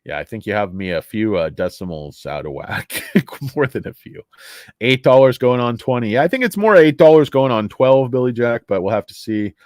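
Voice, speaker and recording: Animated, joking stock-stream host. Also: male voice, mid-range voice, moderate pace, no echo, clean studio sound. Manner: rambling, joking, profane, reads chat comments. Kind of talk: casual livestream chat.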